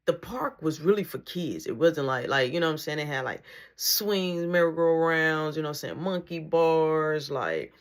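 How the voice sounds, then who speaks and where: A young man casually retelling a story with animated, slangy delivery. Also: fairly high pitch, normal speed.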